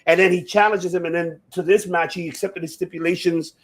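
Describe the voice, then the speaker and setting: A man hosting a casual chat show, talking excitably with lots of swearing and restarts. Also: high voice, a little fast. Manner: excitable, profane, rambling with many restarts. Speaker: podcast host. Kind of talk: casual chat about wrestling.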